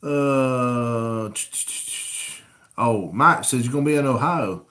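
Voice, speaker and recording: A man's voice: medium pitch, slow pace, fairly bright tone. A man hosting a casual live-stream Q&A, chatting easily and reading viewer comments aloud. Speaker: coon hunting channel host. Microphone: camera rig mic.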